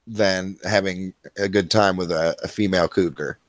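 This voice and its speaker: A young man co-hosting a podcast, deadpan and contrarian, swearing freely in crude banter. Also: low-pitched, normal speed, no room sound, studio quality. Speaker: podcast co-host.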